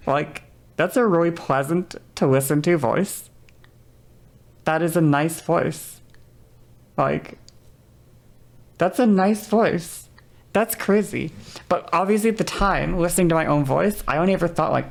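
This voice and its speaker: A woman's voice: lowish voice, animated, measured pace, long pauses. A woman streamer chatting casually and rambling, laughing often and correcting herself mid-sentence. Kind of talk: casual livestream chat.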